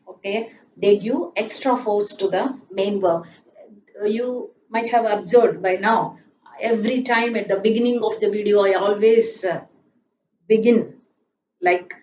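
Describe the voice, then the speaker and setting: A woman teaching grammar from a chalkboard, slowly repeating her examples and checking in with "isn't it?". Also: medium pitch, a little mellow, recorded from a distance, slight background noise. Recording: echoey room, voice off-mic, slightly dull.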